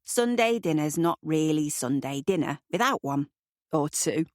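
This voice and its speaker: A woman's voice: expressive, unhurried, a little mellow, no echo, clean studio sound. Woman doing an emphatic British man. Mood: indignant. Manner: emphatic, rising sharply in pitch.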